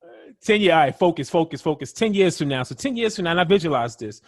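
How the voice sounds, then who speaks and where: A man's voice: on the high side, fast, no echo, clean studio sound. Upbeat man telling stories. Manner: animated storyteller, upbeat. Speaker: interview guest. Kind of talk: casual interview chat.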